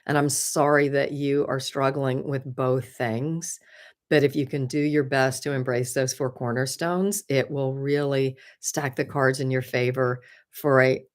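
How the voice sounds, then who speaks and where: A woman's voice: extremely low pitch, level tone, unhurried. A woman hosting a live stream, chatting candidly and earnestly with viewers, often laughing at herself and offering encouragement. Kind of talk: casual chat answering viewer comments.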